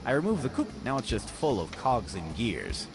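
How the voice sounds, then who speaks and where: A man's voice: mid-range voice, wildly swooping pitch, normal speed, creaky. An actor voicing a male adventure game character who makes dry, offhand remarks. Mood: wry. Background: game music.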